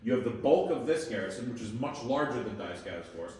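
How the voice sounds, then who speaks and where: A man's voice: mid-range voice, a little fast. Joking tour guide man, echoey and distant. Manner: lively, joking, asks the group questions. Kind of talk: guided tour talk to visitors. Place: historic fort, outdoors. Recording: echoey space, voice from a distance, faint noise.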